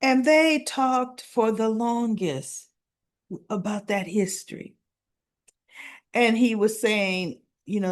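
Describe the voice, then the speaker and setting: A woman's voice: medium pitch, slow. A woman hosting a casual soap opera recap, retelling scenes and dialogue with chatty asides.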